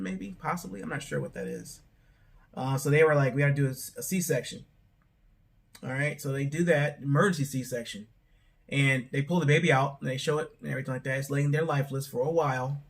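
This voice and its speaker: A man's voice: mid-range voice, fairly bright tone. A young man hosting his channel, giving a rambling, casual recap of a reality show and often hedging with "I don't know". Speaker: show reviewer, channel host.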